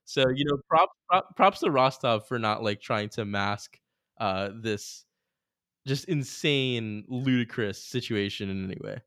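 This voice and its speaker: A man's voice: medium pitch, unhurried, no room sound. Rambling young podcast guy, dry sound. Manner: animated, laughing, rambling with fillers. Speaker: podcast co-host. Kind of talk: casual chat.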